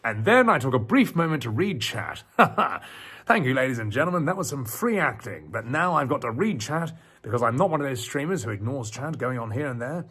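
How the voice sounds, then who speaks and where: A man reading horror stories on a live stream at night, theatrical and dropping into low whispers, chatting with viewers between passages. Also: animated, brisk, a bit bright, husky. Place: outdoors on a porch at night.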